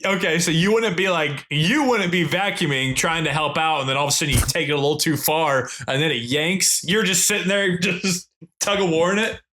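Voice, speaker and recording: A man's voice: a little high, brisk, hardly any pauses, sharp tone. A young man co-hosting a casual comedic podcast, laid-back and laughing often, with short reactions. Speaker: podcast co-host.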